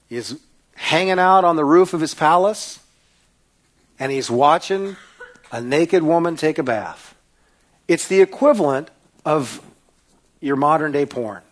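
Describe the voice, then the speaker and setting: A man preaching a sermon, telling the story with casual modern phrasing and swinging between hushed, low lines and loud, high-pitched calls.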